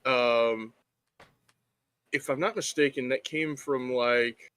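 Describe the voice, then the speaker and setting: A man's voice: medium pitch, steady tone, takes it slowly, a bit bright, dry recording. A young man who runs tabletop games, chatting casually with lots of fillers and enthusiasm. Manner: rambling, filler-heavy, enthusiastic. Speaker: game master, podcast guest. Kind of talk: casual chat.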